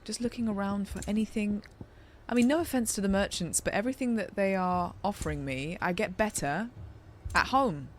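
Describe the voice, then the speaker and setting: A woman's voice: medium pitch, moderate pace, slight background noise. A woman streamer playing a video game, talking chattily and playfully to her viewers. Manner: chatty, playful, talks to chat. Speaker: gaming streamer. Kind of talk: let's play commentary. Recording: voice over game music. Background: game music.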